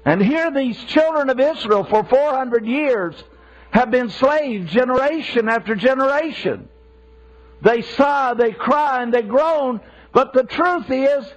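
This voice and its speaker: A man's voice: extremely high pitch, lively intonation, measured pace. A man preaching a sermon with passion, repeating himself for emphasis. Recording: dull lo-fi sermon recording.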